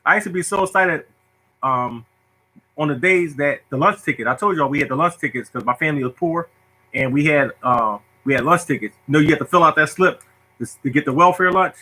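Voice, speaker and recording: In a sharp, fairly high voice that runs a little fast, a middle-aged man recounts a humorous story from his childhood, often laughing and imitating its characters. It's a casual monologue from a storyteller host, captured on a rough recording.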